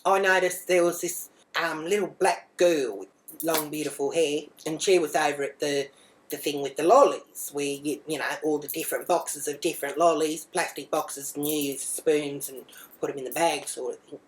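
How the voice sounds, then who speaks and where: A woman's voice: low voice, steady tone, moderate pace. A woman, a mother telling a comic story in character, blunt and crude, swearing freely and rambling off on asides.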